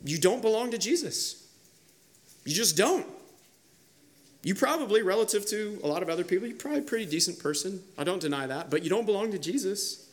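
A male pastor preaching a sermon, emphatic and animated, acting out the quoted voices he reads from. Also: high voice, brisk.

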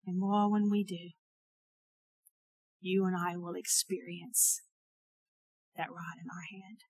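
A woman preaching a sermon and telling a personal story, earnest and swinging between emphatic and hushed delivery. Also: fairly low pitch, breathy edge, no room sound, rough recording.

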